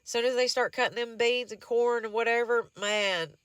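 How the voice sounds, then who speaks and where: A woman's voice: fairly high pitch, steady tone, moderate pace, fairly bright tone, clean tone, dry recording. A woman with a Southern US accent and a stuffy nose from hay fever, chatting casually as she walks through a craft project. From Southern United States. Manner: chatty, rambling, says y'all and honey. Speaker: DIY crafts vlogger. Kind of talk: casual how-to narration.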